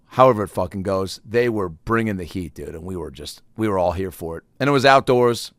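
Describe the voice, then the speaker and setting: Rambling, profane comedian in a dry room. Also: male voice, low-pitched, expressive, brisk, dry recording. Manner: rambling, profane storytelling with acted-out quotes. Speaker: podcast host, comedian. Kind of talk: solo comedic podcast monologue.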